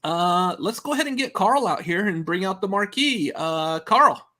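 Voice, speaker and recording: A man with a drawl, hosting a live movie-ranking stream in a loose, chatty way. His voice sits a little high, full of uhs and easy asides to the chat. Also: lively intonation, normal speed, very noisy. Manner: drawling, says y'all, many uh fillers, laughs easily.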